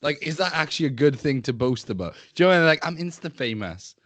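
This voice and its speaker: A man's voice: fairly high pitch, expressive, very fast, fairly bright tone. A man co-hosting a podcast, talking bluntly and mockingly in crude casual banter and laughing often. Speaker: podcast co-host. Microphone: live stream call.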